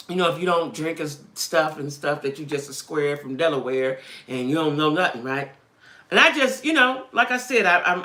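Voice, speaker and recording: A woman's voice: deep voice, bright, forceful tone, roomy sound. A woman hosting a live chat with her viewers about dating, blunt and streetwise, who keeps checking in with "right?" and "you know what I'm saying?". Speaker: livestream host chatting with viewers.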